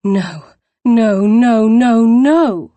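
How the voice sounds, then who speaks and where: A woman voicing a spirited, impulsive young woman who bursts out in high, sharp cries. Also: extremely slow, no room sound. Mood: panicked.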